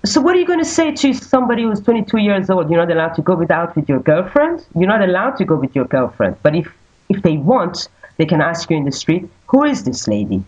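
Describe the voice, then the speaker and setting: A woman's voice: lowish voice, expressive, fast, a little mellow. A woman from Iran, a podcast guest talking earnestly and searching for words with many fillers. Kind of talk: casual conversation. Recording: dull lo-fi audio.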